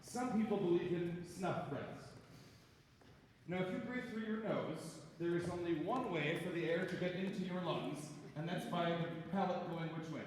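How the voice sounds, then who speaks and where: A man coaching a chorus through a vocal warm-up in a chatty way, often checking in with "right?". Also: high-pitched, moderate pace, slight background noise. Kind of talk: rehearsal coaching. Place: large echoey rehearsal hall. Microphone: distant room recording. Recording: echoey hall recorded from far off.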